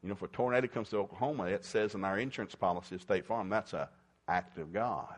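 A man's voice: sits low, quick pace, slightly rough. Folksy older male preacher. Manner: folksy, storytelling, lively with sudden emphatic bursts. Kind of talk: folksy sermon with stories.

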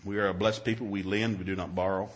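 A middle-aged man preaching a humorous sermon, telling stories with jokey, animated delivery and sudden loud exclamations. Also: low-pitched, fast, slight background noise.

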